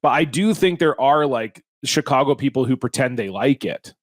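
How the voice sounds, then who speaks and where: A man co-hosting a casual comedy podcast, tossing out joking, deadpan asides. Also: mid-range voice, moderate pace, no room sound, studio quality. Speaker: podcast co-host.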